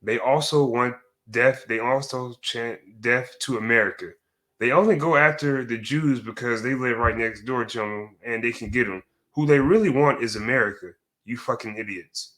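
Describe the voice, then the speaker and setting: A man's voice: medium pitch, moderate pace, a bit bright. Angry man ranting, cursing nonstop. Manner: heated, cursing, repetitive restarts. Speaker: commentator. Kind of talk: angry profane reaction rant.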